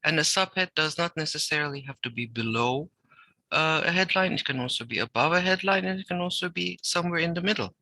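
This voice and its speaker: Bright-voiced man explaining typography. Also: fairly high pitch, lively intonation, no room sound, rough recording. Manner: explanatory, reads text aloud with deliberate pauses and emphasis. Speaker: typography teacher. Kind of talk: recorded design lecture.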